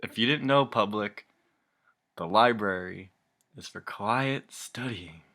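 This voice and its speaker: A man's voice: lowish voice, takes it slowly, gravelly, a bit bright. A young man ranting casually to camera, rambling and exasperated, swearing a lot and often breaking into laughter. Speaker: vlogger.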